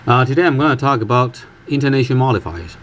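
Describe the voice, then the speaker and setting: A man gives a relaxed online language lesson. His voice sits at a middle pitch. He pauses on fillers and draws out his example words slowly and patiently. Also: a little hiss or hum. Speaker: Cantonese language teacher.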